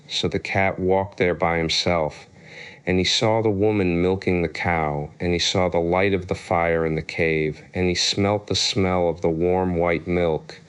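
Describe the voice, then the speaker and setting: Deep smooth-voiced male storyteller. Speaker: audiobook narrator. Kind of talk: storybook narration.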